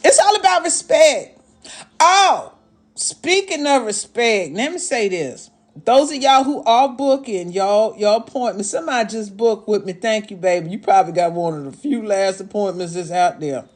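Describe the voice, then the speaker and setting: Speaking at normal speed in an animated, mid-range voice, a woman hosts a casual astrology live stream. As the viewers' sassy, motherly elder mama, she teases and scolds them, calling them "babies" and "y'all."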